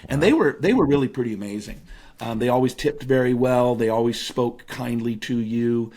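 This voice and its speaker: A man in his fifties from the Seattle area, a guest telling lively anecdotes with frequent fillers in a casual interview. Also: mid-range voice, moderate pace. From Seattle area, United States. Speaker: guest, speaker and author.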